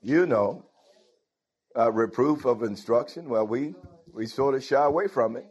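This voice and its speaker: Husky preacher in conversational sermon. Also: male voice, medium pitch, a little slow, a little mellow. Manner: conversational preaching, rhetorical questions to the congregation.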